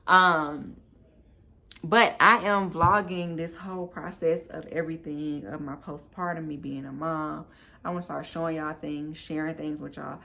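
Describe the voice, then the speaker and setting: A woman's voice: low-pitched, creaky, bright, forceful tone. Candid, chatty woman vlogger. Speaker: vlogger and new mom. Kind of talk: casual storytelling to camera.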